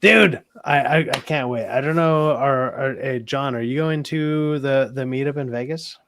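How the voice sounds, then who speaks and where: A man's voice: mid-range voice, normal speed, a bit bright, slight background noise. A man hosting a stream, chatting casually with guests, rambling, swearing freely and laughing often. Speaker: streamer host. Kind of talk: casual chat.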